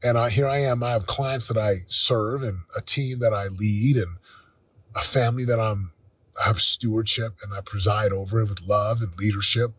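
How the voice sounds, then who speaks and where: A man in his forties, hosting a motivational talk, speaking earnestly and candidly with a slightly husky voice. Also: on the low side, steady tone, normal speed, dry recording. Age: 40s. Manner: earnest, candid, with self-quoting asides. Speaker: podcast host.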